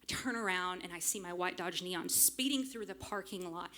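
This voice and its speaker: A woman, telling a humorous personal story live on a club stage into a microphone, lively and self-mocking with frank swearing. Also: lowish voice, normal speed. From small town in Arkansas, US. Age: late 30s. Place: stage of a small music club. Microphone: stage microphone fed straight from the soundboard.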